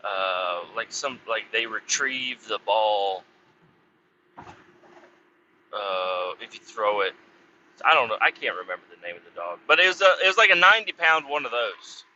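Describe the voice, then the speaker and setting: This podcast host has a fairly low, animated voice with a bright, forceful tone; he talks a little slowly and pauses often. His story meanders casually, full of swearing and self-corrections, recorded outdoors beside a road with slight background noise and a somewhat muffled, dull sound.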